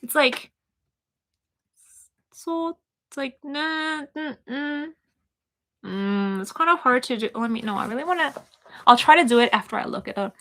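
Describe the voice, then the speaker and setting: A woman's voice: a little high, measured pace, a bit bright. A young woman with a Toronto accent, chatting casually on a live stream, reading out her chat and rambling with lots of fillers and little giggles.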